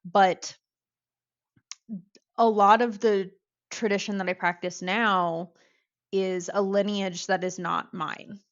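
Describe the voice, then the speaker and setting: An American woman speaks as a podcast guest over a video call, her voice sitting mid-range and sounding a little dull and lo-fi. She talks in an animated way and acts out the voices of people she quotes. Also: medium pitch, slow, pauses often. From United States. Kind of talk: casual conversation. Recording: slightly dull lo-fi audio.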